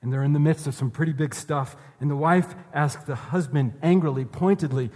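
A man's voice: fairly high pitch, fairly quick, few pauses, dark tone. A male pastor preaching a sermon earnestly, repeating his key phrases for emphasis. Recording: reverberant hall.

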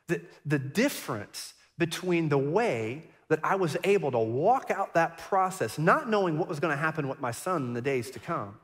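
In a church sanctuary with a big-room sound, a middle-aged pastor with a voice on the high side delivers a sermon. He shares a personal story in an earnest, reflective manner, frequently repeating himself and starting his phrases over.

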